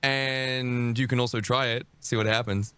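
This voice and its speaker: A man's voice: medium pitch, level tone, normal speed, fairly bright tone, clear, resonant tone. A man streaming reaction commentary, mocking and sarcastic, dropping profanity as he talks over a video.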